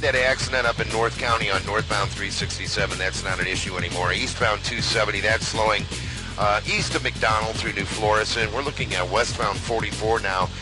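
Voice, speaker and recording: A man's voice: on the low side, music in the background, rough recording. A man giving a matter-of-fact airborne traffic report and reading a sponsor line. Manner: brisk, matter-of-fact listing of roads. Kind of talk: traffic report and live ad read.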